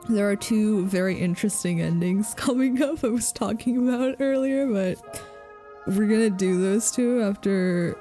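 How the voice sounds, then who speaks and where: Woman, casual game commentary, playful, laughing, soft warm tone, faint music behind. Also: mid-range voice, moderate pace. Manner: playful, laughs often, talks to viewers. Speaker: streamer.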